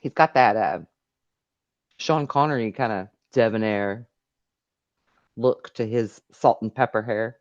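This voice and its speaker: A woman's voice: rumbling low, a little slow, pauses often, a little mellow, no echo, muffled recording. A middle-aged woman hosting a live call-in stream, chatting casually and reading viewer messages aloud. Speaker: live call-in show host.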